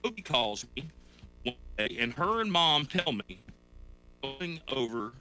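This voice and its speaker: A middle-aged man in casual chat, telling a story in an animated way and often saying "listen" and "you know". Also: mid-range voice, takes it slowly, soft background music.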